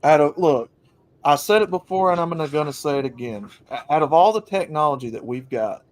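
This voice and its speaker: A man's voice: on the high side, a little fast. A man on a group voice call, playful and teasing, acting mock-offended by the others' jabs. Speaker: call participant. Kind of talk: casual banter on a group call.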